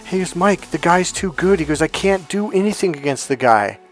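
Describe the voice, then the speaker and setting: Motivational coach guy telling a story, kinda high voice, swears a lot, gets loud doing the quotes, faint music behind. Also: normal speed. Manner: animated, swears freely, acts out quoted dialogue loudly. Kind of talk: casual storytelling monologue.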